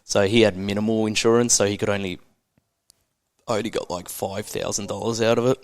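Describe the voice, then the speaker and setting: A man's voice: lowish voice, fairly even intonation, brisk, no room sound, clean studio sound. A man in his thirties with an Australian accent, a podcast guest speaking candidly and bluntly, with frequent swearing and open emotion. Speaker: entrepreneur guest.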